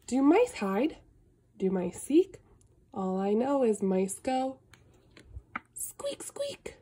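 Woman reading a kids' picture book, high bouncy voice, super slow, kinda husky. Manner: slow, sing-song, animated with gasps and animal sounds. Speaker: storybook reader.

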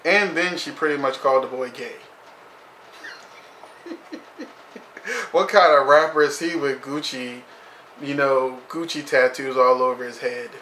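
A man's voice: mid-range voice, measured pace, pauses often, pushed and bright, echoey room, slight background noise. A man reviewing a TV episode in casual commentary, blunt and profane, saying "you know" constantly.

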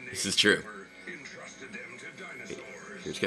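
A young man co-hosting a casual live reaction video, exclamatory and animated, often restarting his sentences. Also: deep voice, moderate pace, over music. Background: television episode playing.

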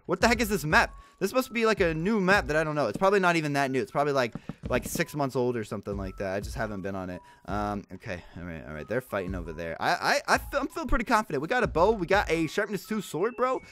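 Excitable young man with a lively voice. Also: fast talker. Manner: excitable, bursts into high yelps when losing; says like and bro a lot. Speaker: gaming YouTuber. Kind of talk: casual gameplay commentary.

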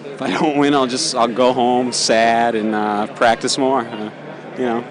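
A man's voice: medium pitch, level tone, measured pace. A young man, a tournament player, speaking casually and matter-of-factly about his matches. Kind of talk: casual on-site interview. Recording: loud crowd at an event.

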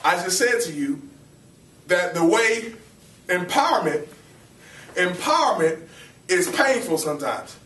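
A young man preaching a lively, playful sermon to a campus ministry, calling out questions to his listeners. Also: high voice, unhurried, pauses often. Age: young adult. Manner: animated, playful, calls to the audience. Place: campus ministry meeting room. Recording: roomy hall, mic at a distance.

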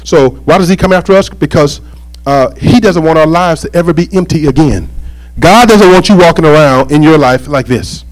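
A man preaching a sermon as pastor, animated and joking, with call-and-response asides to the congregation. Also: on the high side, moderate pace, low-quality recording.

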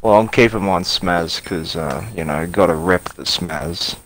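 A man's voice: sits low, unhurried, fairly bright tone, slight background noise, rough recording. A young man streaming a game, chatting casually and joking with rambling fillers. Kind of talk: casual gaming chat.

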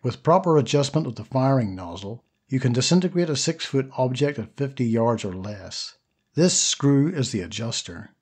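A man reading the part of a calm, precise old male weapon shopkeeper in an audiobook, low and quiet. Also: moderate pace, husky.

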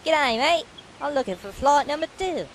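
A woman's voice: fairly low pitch, expressive, takes it slowly, a little mellow, a little hiss or hum. A woman voicing an eager, bumbling male actor in a cartoon, cheery and obliging.

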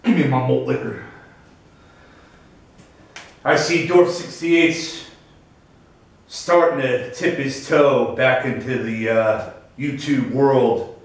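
A man's voice: medium pitch, very echoey, far from the mic, poor audio. Brash profane man ranting from afar. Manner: brash, profane, boastful shouting. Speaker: vlogger.

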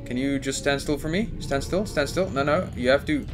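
Young male gamer, mid-pitched voice, nervous running commentary over faint game music. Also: brisk, hardly any pauses. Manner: panicky, talks to the game character and the monster. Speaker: gaming YouTuber. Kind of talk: let's play commentary.

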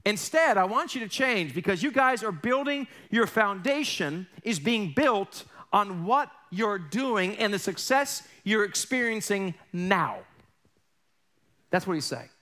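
A man preaching a sermon as a pastor, animated and acting out the voices he quotes. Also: high voice, a little slow.

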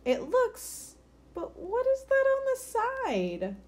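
A woman voicing an excitable young girl bird twin in a storybook reading, high-pitched and fretful. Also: takes it slowly, full character voice. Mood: worried.

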